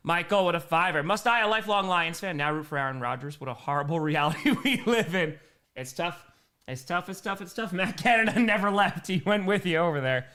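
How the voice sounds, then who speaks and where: Upbeat midwest guy calling a football game live, bright and a bit high, reading out chat. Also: a little fast. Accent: Upper Midwest American. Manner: energetic, calls plays and reads chat comments. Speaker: host of a football live stream. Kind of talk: live play-by-play and chat reactions. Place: home room.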